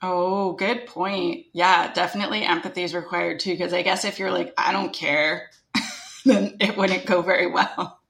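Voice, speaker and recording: A woman with a noticeably strong Canadian accent chats away as an interview guest. Her voice sits a little low, and she keeps her talk loose and friendly, full of "like" and "right?". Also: flat delivery, moderate pace, creaky, a bit bright, reverberant. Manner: chatty, upbeat, full of "like" and "right?". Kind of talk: casual interview conversation.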